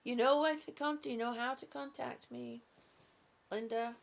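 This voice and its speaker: A woman hosting a live stream, speaking softly and affectionately to her viewers with halting, repeated words. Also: on the high side, fairly even intonation, vocal fry, a little hiss or hum. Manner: soft, affectionate, calls viewers honey and sweetie. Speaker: livestream host reading viewer comments. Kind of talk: slow casual live chat.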